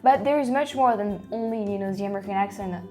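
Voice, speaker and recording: A French woman with a French accent chats on a casual reaction vlog, thinking aloud with lots of restarts and bursts of excitement. She talks quickly at a medium pitch over music.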